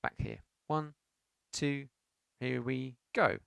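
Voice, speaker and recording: A man's voice: medium pitch, animated, takes it slowly, vocal fry. A man teaching a beginners' piano lesson, explaining notes patiently and counting beats aloud with sung syllables. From United Kingdom.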